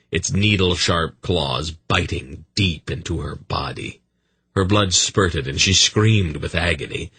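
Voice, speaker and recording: A man's voice: low-pitched, fairly bright tone, slightly rough, no room sound. A man narrating an audiobook with intense, dramatic storytelling.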